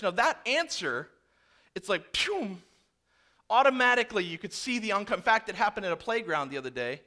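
A man's voice: high-pitched, a little fast. A male pastor preaching a sermon to his church, telling stories and acting out conversations. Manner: animated storytelling, acting out dialogue.

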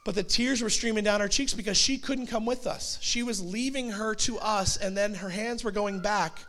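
A pastor in his forties delivers a sermon in a high, light male voice. He tells it like a story, chatty and conversational, with quick asides. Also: bright, forceful tone.

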